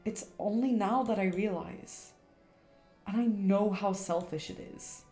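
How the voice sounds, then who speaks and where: Woman voicing a soft, sorrowful girl ghost. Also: medium pitch, a little slow, echoey room, faint music behind, natural voice. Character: guilt-ridden, gentle teenage schoolgirl ghost. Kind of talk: reading game dialogue aloud on stream.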